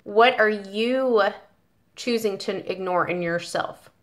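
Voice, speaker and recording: A woman's voice: mid-range voice, slow. A woman giving a casual tarot reading who chats directly to viewers and reads card passages aloud. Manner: chatty, talks directly to viewers.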